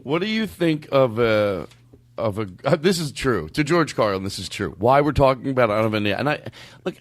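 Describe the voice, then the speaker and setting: A man's voice: mid-range voice, brisk, dry recording. A man hosting a comedy podcast in casual chat, telling rambling stories and acting out quotes. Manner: animated, rambling storytelling with acted-out quotes. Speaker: podcast host.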